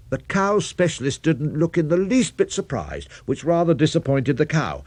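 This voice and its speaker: A man's voice: on the high side, big pitch swings, moderate pace, few pauses, a little mellow, dry recording. An older man telling a children's story, playful and speaking directly to young listeners.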